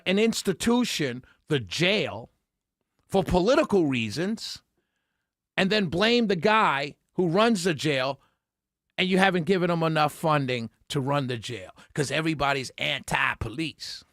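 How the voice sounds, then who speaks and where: A man's voice: on the high side, a bit bright, no echo. A man hosting a radio talk show, ranting passionately and sarcastically into a studio microphone. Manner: heated, sarcastic, laughs between points. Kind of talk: impassioned on-air rant.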